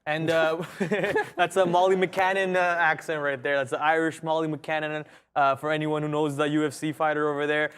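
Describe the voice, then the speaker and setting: A man's voice: a little high, little pitch movement, moderate pace, few pauses, fairly bright tone, clear, resonant tone. A young man co-hosting a live trading stream, chatty, joking and a bit boastful about his wins. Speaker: co-host trader.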